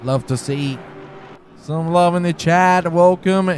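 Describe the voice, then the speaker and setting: A man calls an online race, his voice sitting notably high and jumping into excited exclamations whenever cars tangle. He chats with viewers between the action. A faint hiss runs under the recording. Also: slow pace. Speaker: sim racing commentator. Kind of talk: live race commentary.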